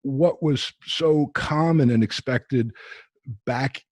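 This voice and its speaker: A man's voice: medium pitch, slow pace, a little mellow, dry recording. A middle-aged man with a New Jersey accent, a podcast host chatting casually and joking about himself. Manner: joking and self-deprecating, chatty. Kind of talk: casual interview chat.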